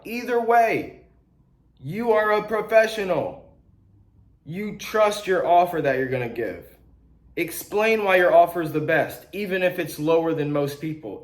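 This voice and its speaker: A young man coaching beginners in a blunt, animated, slangy way, acting out sales calls as he teaches. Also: on the high side. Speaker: real estate wholesaling coach. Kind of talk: casual teaching talk to camera. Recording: echoey room.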